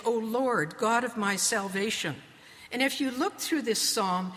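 A woman preaching a sermon, speaking slowly and measuredly and reading scripture with emphasis. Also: medium pitch, fairly bright tone. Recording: long hall reverb.

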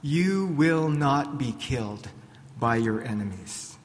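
A man preaching a sermon who voices God as a gentle questioner, pitched a little higher than his usual talk. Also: animated, slow pace, big-room sound, a little hiss or hum. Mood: reassuring. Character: God, tender merciful divine voice questioning gently.

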